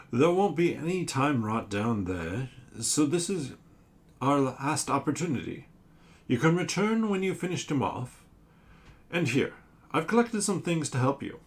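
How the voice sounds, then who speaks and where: A man voicing a giant male squid-like sea monster, speaking in a loud, theatrical, booming voice for a storybook game.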